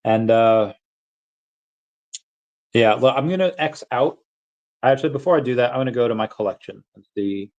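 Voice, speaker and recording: A man hosting a casual crypto livestream, rambling in a relaxed way with many fillers and bouts of hiccups. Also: medium pitch, normal speed, pauses often, dull audio. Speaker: crypto channel host.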